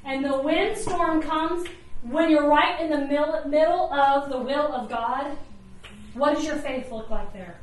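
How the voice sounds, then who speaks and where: A woman preaching a sermon to a gathered room, animated and conversational, often acting out quotes in other voices. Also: high-pitched, a little slow, very echoey, distant mic, a little hiss or hum, low-quality recording. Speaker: ministry leader preaching.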